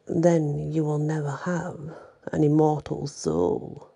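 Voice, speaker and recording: A woman's voice: low voice, little pitch movement, slow pace, creaky, warm tone, breathy edge, heavily acted. A woman voicing a scheming old sea witch, menacing and partly whispered. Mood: pressing.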